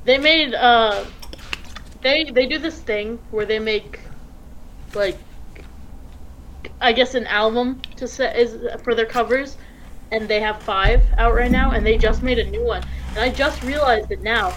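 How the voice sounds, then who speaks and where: Higher-voiced laid-back woman guest. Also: fairly bright tone, a little hiss or hum, poor audio. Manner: laid-back, teasing, quick to laugh. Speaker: returning podcast guest. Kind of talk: casual chat.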